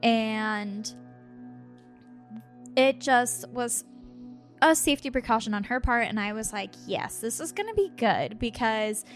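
A woman's voice: fairly high pitch, measured pace, long pauses, soft background music. A woman co-hosting a podcast as a medium, telling stories in a casual chat and acting out the voices of the people she quotes. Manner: animated, acts out quoted voices.

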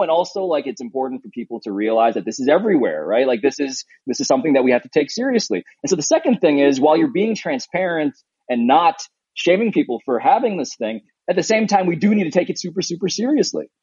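A man's voice: a little high, a little mellow, husky, no echo. A man in his thirties from New York, a sleep-deprived new father, co-hosting a casual remote chat in a rambling, earnest way with many fillers. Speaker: podcast co-host. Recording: dull lo-fi remote line.

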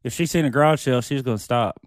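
A man's voice: medium pitch, very fast, no echo, studio quality. A man, a podcast guest who chips in with short, blunt, joking remarks. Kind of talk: casual chat.

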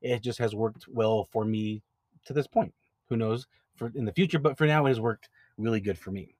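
A man with a lowish, slightly mellow voice hosts an advice podcast at a moderate pace, with no echo in the recording. He owns a notary signing agent business and speaks casually and directly, often repeating words as he explains things.

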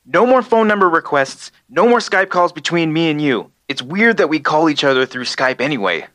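A man's voice: fairly high pitch, lively intonation, normal speed, fairly bright tone, dry recording. A man playing an exasperated apartment leasing office worker who sounds flustered and fed up.

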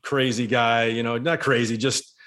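A former baseball player telling a story in casual chat, rambling and animated with many restarts. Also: male voice, medium pitch, moderate pace.

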